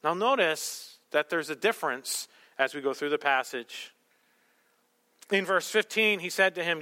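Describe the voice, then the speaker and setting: A man's voice: a little high, lively intonation, normal speed, pushed and bright. A man preaching a sermon, acting out the lines of the people in his story, sometimes dropping to a whisper. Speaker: pastor.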